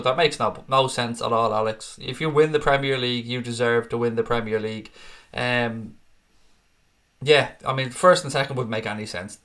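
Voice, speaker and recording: A man's voice: on the high side, pushed and bright. A tired man hosting a football fan live stream, chatting casually and answering viewer comments by name, calling them mate.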